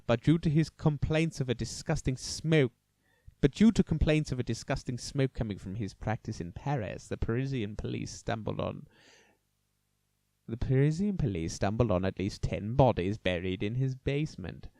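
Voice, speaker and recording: A man narrates a dark true story as a podcast host, in a middle-pitched voice. He is theatrical, slipping in jokey asides. The sound is dry and close, with no room echo. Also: normal speed, vocal fry. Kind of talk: casual true-crime storytelling.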